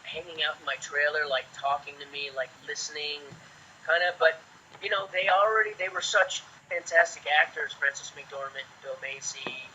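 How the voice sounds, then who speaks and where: A man in his forties, an actor guest, telling chatty, lively anecdotes in a casual way. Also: a little high, moderate pace, slight background noise. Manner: lively, chatty, acts out quotes. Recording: dull lo-fi sound.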